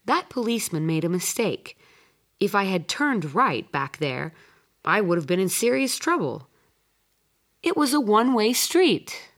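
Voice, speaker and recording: A woman's voice: medium pitch, very animated, measured pace. A woman reading the lines of an impatient wife defending her driving.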